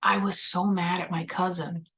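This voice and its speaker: A woman's voice: lowish voice, flat delivery, moderate pace, pushed and bright, breathy edge, poor audio. A woman vlogger telling a personal story in a chatty way, full of "like" and "you know," acting out her own past replies.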